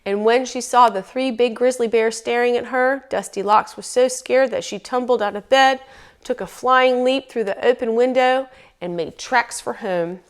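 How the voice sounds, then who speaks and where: A woman reading a picture book aloud in a lively, folksy storytelling manner. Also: on the high side, moderate pace.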